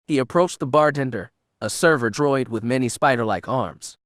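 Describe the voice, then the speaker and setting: A man's voice: medium pitch, normal speed, dry recording, studio quality. Man narrating a space-fantasy audiobook. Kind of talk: scripted narration.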